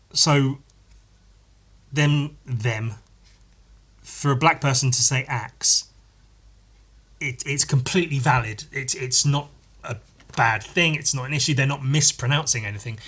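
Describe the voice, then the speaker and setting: A man with a bright, forward voice talks through a casual solo podcast episode. He rambles, stops to correct himself and restarts his sentences. He drops swear words freely into everyday chat. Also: mid-range voice. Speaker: podcast host.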